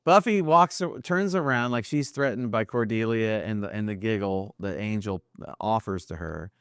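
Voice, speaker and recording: Man, podcast co-host, fairly low voice, smooth and clear, dry close sound, casual episode recap. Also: normal speed, dry recording. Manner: chatty, wry, repeats words when restarting.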